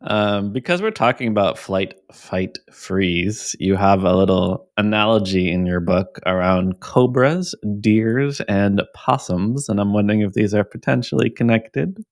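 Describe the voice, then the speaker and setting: A man hosts a podcast interview in a fairly low voice. He is relaxed and affirming and murmurs agreement often. His questions wander a little before he lands them. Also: measured pace, hardly any pauses. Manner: relaxed, affirming, asks long rambling questions. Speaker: podcast host.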